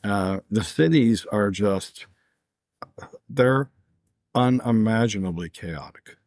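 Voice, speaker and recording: An easygoing man hosts a podcast, nodding along and trading stories in a slightly low voice. The sound is close and dry. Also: darkish tone, dry recording. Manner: laid-back, quick to agree. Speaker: podcast host. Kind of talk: casual interview chat.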